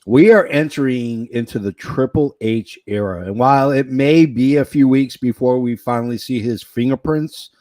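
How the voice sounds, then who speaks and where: A man co-hosting a wrestling podcast in casual chat, excitable and joking, rambling with fillers. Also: medium pitch, moderate pace, few pauses, dry recording. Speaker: podcast co-host.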